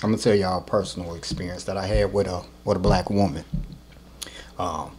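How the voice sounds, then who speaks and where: Low-voiced man telling a story. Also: fairly quick. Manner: storytelling, animated, drops to low asides. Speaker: podcast host. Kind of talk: casual podcast chat.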